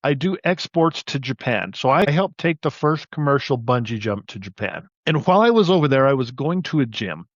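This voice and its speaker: Male interview guest, storyteller, mid pitch, dry muffled mic. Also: brisk, hardly any pauses, no room sound. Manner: storytelling, animated anecdotes. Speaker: podcast guest, side hustle coach. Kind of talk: casual interview talk.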